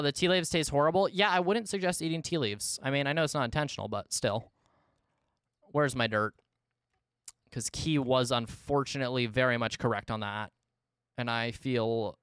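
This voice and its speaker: A male streamer talking through his gameplay in casual live commentary, with a smooth, resonant voice at a middle pitch. He mutters to himself and to chat, then jumps into loud exasperated yelps. The sound is dry and close, with no room echo. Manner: talks to himself and chat, exasperated outbursts, swings between loud yelps and mumbling.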